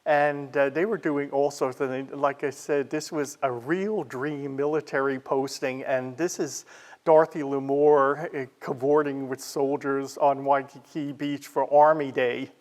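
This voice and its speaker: A man presenting a library history talk in a chatty, informal way, often pausing on "uh" and adding side remarks. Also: mid-range voice, fairly even intonation. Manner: chatty, with frequent "uh" fillers and asides.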